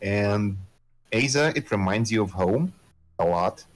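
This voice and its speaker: A man's voice: lowish voice, expressive, measured pace, low-quality recording. A man narrating as game master of a tabletop game, hesitant and full of fillers.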